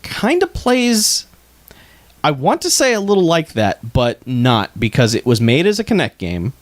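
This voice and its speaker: Animated man telling a casual story. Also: fairly high pitch, a little slow, no echo. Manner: animated, swearing, laughing storyteller. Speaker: podcast co-host. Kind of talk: casual chat.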